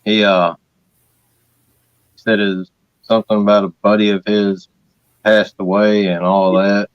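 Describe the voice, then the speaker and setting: A man's voice: on the low side, flat delivery, unhurried, clean tone, dry recording. Laid-back man hosting, dull dry sound. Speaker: host. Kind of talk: casual chat.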